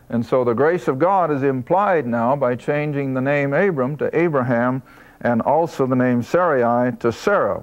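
A man teaching a Bible study lesson, emphatic and slowing down to stress key points. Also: mid-range voice, highs cut off.

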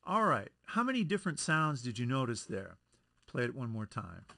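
A man teaching a music lesson over a screen recording, explaining at an unhurried pace, correcting himself and counting beats aloud. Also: mid-range voice, very animated, creaky. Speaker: music instructor.

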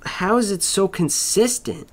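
A man's voice: high-pitched, lively intonation, unhurried, slight background noise. A man rambling through a casual monologue, swearing constantly, wandering between thoughts and trailing off mid-sentence. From Florida.

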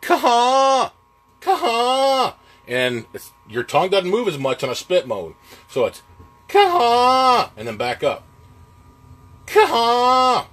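A man talks through a goose-calling lesson in a loose, folksy way, with plenty of ums and you-knows. His voice sits at an ordinary middle pitch for a man, and he sounds like a plainspoken hunter explaining his craft. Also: big pitch swings, normal speed, slightly rough. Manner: plainspoken, folksy, with filler words. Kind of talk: casual instructional talk.

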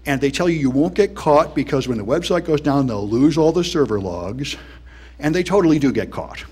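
A man's voice: on the high side, animated, brisk, a little mellow, breathy edge. A man giving a conference talk in a wry, dismissive, conversational way, with plenty of "um"s and "anyway"s. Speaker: conference speaker. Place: conference hall.

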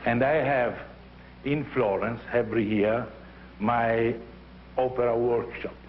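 A man's voice: mid-range voice, slow. An older man with an Italian accent, leading an opera workshop in English as a non-native speaker, acting out scenes and voices as he teaches. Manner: animated, acts out scenes and voices while teaching. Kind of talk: teaching and storytelling. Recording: dull lo-fi archival recording with faint noise.

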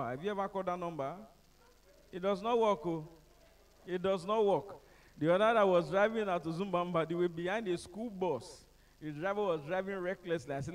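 A man with a Nigerian accent who speaks as a motivational speaker, telling humorous stories to a live audience in an animated, joking manner. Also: sits high, fairly quick, distant mic. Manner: animated, joking, acts out the people in his stories.

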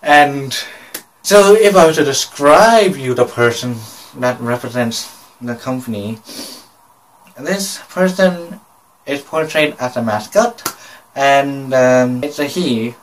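A man narrating a casual travel vlog, hesitant and full of fillers and pauses. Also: mid-range voice, expressive, recorded from a distance, slight background noise, rough recording. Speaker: vlogger.

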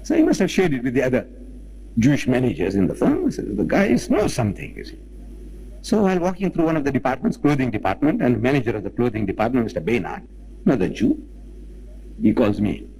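A man telling a personal story in a lecture, animated and rhetorical, retelling conversations. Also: mid-range voice, fast, vocal fry, breathy edge, low-quality recording. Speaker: public speaker.

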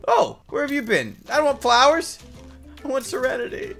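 A woman's voice: high voice, very animated, normal speed, fairly bright tone, faint music behind. A woman giving sarcastic, exasperated commentary on her Minecraft game and complaining to her partner. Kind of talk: scripted gameplay commentary with a partner.

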